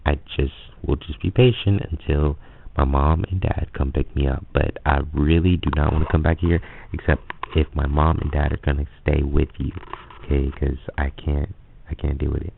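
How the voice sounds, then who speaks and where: A sulky, homesick nephew grumbles and complains under his breath, as a man voices him. The voice is low and gravelly. It sounds thin and phone-like. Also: fairly even intonation, normal speed, full character voice. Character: whiny, homesick young nephew. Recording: phone-like lo-fi audio.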